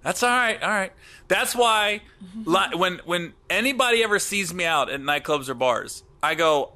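A man's voice: high-pitched, lively intonation, moderate pace, pushed and bright. A middle-aged man hosting a comedy podcast, chatting loosely and laughing hard at jokes. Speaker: podcast host. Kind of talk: casual comedic podcast chat.

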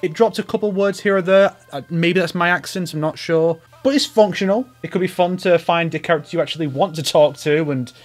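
A man's voice: on the high side, brisk, few pauses, soft background music. A man hosting a YouTube video, giving comedic commentary with wry, sarcastic asides. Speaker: YouTuber host.

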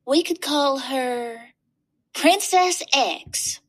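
A woman voicing a shy, eager young girl, higher. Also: extremely slow.

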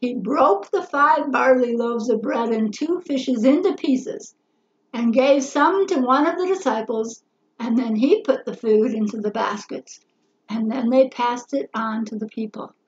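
Slow, expressive woman telling a Bible story. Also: a little high. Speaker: Bible teacher. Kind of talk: children's Bible story lesson. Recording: roomy, slightly dull recording.

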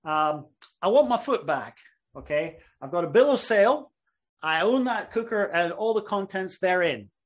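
Man putting on a loud Appalachian hillbilly. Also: high voice, animated, normal speed, dull audio. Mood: insistent. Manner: exaggerated drawl, raised and loud. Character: Appalachian hillbilly man, brash small-town trader. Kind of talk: mock impression inside a lecture.

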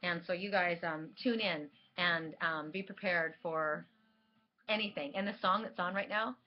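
A woman's voice: lowish voice, measured pace. Woman vlogger, rambling earnest chat, dull home recording. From Southern California. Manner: rambling, earnest, many fillers and restarts. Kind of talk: casual spiritual vlog talk.

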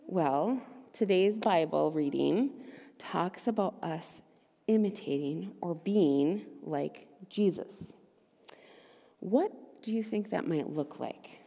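A young adult woman leads a children's message in church, upbeat and gentle, asking the kids simple questions. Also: on the low side, animated, slow, gravelly. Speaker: children's ministry leader. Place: church sanctuary. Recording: long church reverb.

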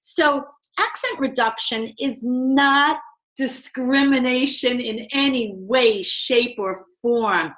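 A woman's voice: high voice, slow, a bit bright. A woman with a New York accent, a communication trainer speaking emphatically in a webinar conversation.

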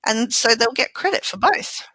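Female podcast co-host, bright and sharp voice, dry close sound, chatty. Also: fairly high pitch, normal speed, no room sound. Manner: chatty, lively, searches for words. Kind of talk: casual podcast chat.

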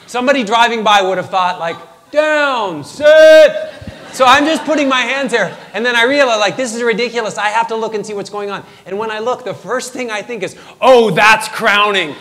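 A man giving a motivational talk on stage, telling a personal story in an animated, self-deprecating way and acting out his own lines. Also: high voice, big-room sound. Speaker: motivational speaker.

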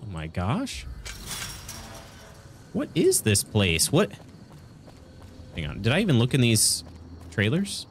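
A man's voice: medium pitch, huge pitch swings, takes it slowly, long pauses, a little hiss or hum. A man streaming a video game, congested with a stuffy nose, chatting casually and laughing with his viewers. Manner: chatty, reacts to chat, laughs often. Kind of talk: casual gaming stream chat.

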